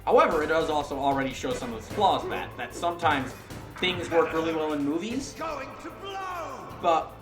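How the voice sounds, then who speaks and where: A British man gives casual commentary over his game stream, rambling and correcting himself mid-sentence. His voice sits a little high for a man. A roomy echo and faint music play behind him. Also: moderate pace. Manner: rambling, self-correcting, chatty.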